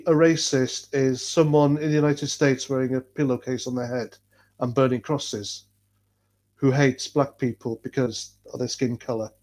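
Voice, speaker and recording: A livestream host from North Wales reads chat aloud in his North Welsh accent. He speaks casually, rambles, stays blunt and swears a lot, in a mid-range, slightly mellow man's voice.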